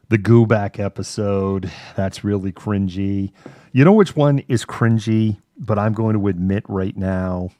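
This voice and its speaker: A man's voice: low voice, warm tone, no echo. A man co-hosting a live online talk show, rambling casually and swearing as he retells a cartoon episode, putting on voices for the characters. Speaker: podcast co-host.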